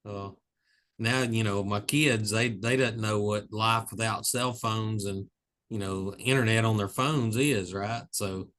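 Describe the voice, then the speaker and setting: A man's voice: fairly low pitch, fairly even intonation, fairly bright tone. A man hosting a casual podcast chat, throwing in wry jokes and laughing easily. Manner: joking, quick to laugh, wry asides.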